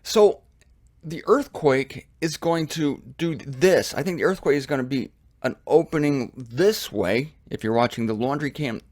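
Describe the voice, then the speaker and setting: Animated American man teaching the Bible. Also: medium pitch, measured pace, no room sound, studio quality. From United States. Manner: casual and animated, with asides and chuckles. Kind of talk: conversational Bible study teaching. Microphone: studio mic with headphones.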